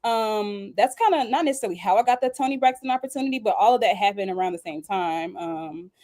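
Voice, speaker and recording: A young woman, a singer and songwriter, telling a story in a casual interview, animated and laughing often. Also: mid-range voice, quick pace. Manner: animated, squeals when acting out quoted dialogue.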